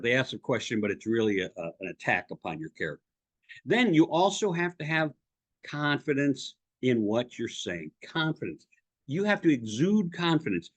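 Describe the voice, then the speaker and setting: A middle-aged man giving direct-to-camera advice as a presentation coach, emphatic and animated, often asking the viewer questions. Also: on the high side, husky.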